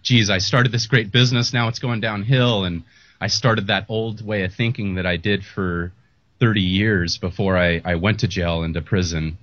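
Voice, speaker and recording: Middle-aged host, very low voice, dry and muffled; candid, heartfelt, rambling. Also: male voice, fairly even intonation, normal speed, a bit bright, dry recording. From United States. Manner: candid, emotional, rambling with restarts. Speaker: podcast host. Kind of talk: earnest interview talk. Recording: muffled lo-fi audio.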